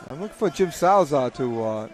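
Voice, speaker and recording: A man's voice: mid-range voice, sing-song, a little fast. A man commentating live boxing fights, rambling and joking, often repeating himself. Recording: crowd noise at a live event.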